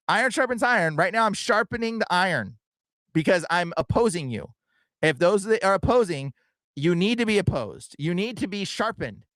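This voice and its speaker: A young man hosts a livestream podcast, speaking fast, earnest and casual, packed with fillers like "bro" and "like." His voice sits fairly high with a fairly bright tone, and the recording is dry.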